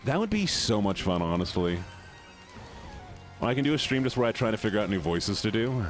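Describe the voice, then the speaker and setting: Lively, chatty male game streamer. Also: on the low side, brisk, soft background music. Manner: chatty, reacts loudly to the game, greets chat by name. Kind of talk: casual live-stream chat while gaming.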